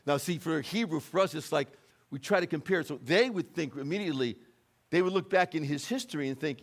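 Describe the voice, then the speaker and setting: An American man preaching a sermon in a church, moving between quiet conversational asides and loud, urgent climaxes. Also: fairly quick. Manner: impassioned, rising to loud urgent peaks then dropping low and conversational. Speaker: guest preacher. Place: church sanctuary.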